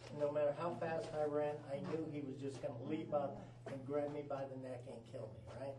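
A man's voice: a little high, little pitch movement, fairly quick, a crowd in the background. A man guiding a ghost tour, telling stories in a folksy, dramatic way to a group inside an old mine tunnel. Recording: echoey tunnel, far from mic, noisy.

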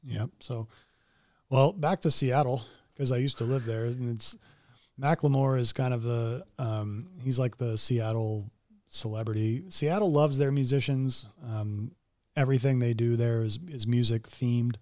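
A man co-hosting a casual podcast chat, launching into animated, joking rants with a stubborn streak. His voice sits in a middle range and sounds dry and close to the mic. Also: medium pitch, measured pace, no room sound. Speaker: podcast co-host.

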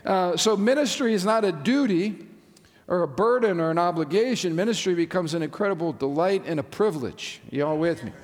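A man's voice: high-pitched, expressive, brisk. A male pastor preaching a sermon with enthusiasm, using frequent "uh" fillers and asking the congregation questions. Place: large church sanctuary. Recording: long church-hall reverb.

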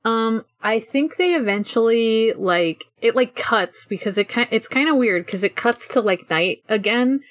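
A woman's voice: fairly high pitch, expressive, dry recording. Rambling woman co-host, dry close sound. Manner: rambling, many fillers and restarts, quick bursts. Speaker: podcast co-host. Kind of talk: casual chat recapping a cartoon episode.

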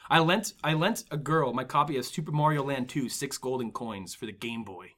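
A man's voice: mid-range voice, a little fast. A man in his twenties hosting a podcast in casual chat, rambling through stories with lots of filler words and jumping into comic voices. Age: 20s. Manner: animated, slips into comic voices. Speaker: podcast host.

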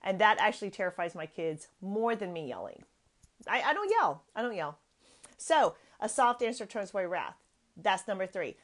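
A woman's voice: medium pitch, very animated, moderate pace. Earnest, emphatic woman podcast host. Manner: emphatic, repeats key phrases, conversational and earnest. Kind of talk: motivational parenting podcast talk.

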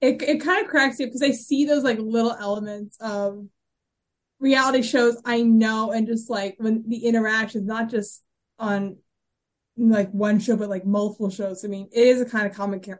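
A woman's voice: mid-range voice, fairly even intonation, moderate pace. A woman co-hosting a podcast, talking casually and thoughtfully in a rambling way. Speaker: podcast co-host.

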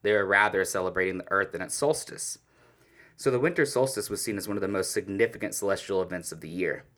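A man's voice: deep voice, fast talker, fairly bright tone. A man co-hosting a podcast, chatting casually about history with opinionated, swearing asides. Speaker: podcast co-host.

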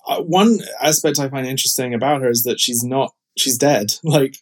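A man's voice: medium pitch, normal speed. A man talking about his show as a podcast guest, chatty and enthusiastic, filling gaps with "um" and "like". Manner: enthusiastic, chatty, many fillers. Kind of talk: casual podcast interview.

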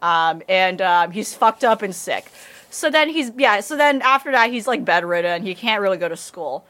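A woman's voice: mid-range voice, expressive, normal speed, fairly bright tone. A woman in casual anime review chat, rambling, swearing, and laughing often.

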